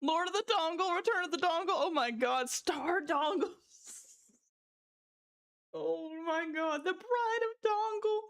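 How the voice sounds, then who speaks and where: A woman's voice: very high-pitched, a little slow. A woman livestreamer chatting casually, reading chat jokes aloud with frequent giggles and short exclaimed protests.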